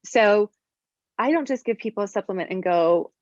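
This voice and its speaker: A woman's voice: mid-range voice, moderate pace, dry recording. Woman practitioner, chatty storyteller, acts out quotes; dry, muffled lo-fi recording. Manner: animated, acts out quoted voices in stories. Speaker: functional medicine practitioner. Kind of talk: conversational explanation and storytelling. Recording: dry, dull lo-fi sound.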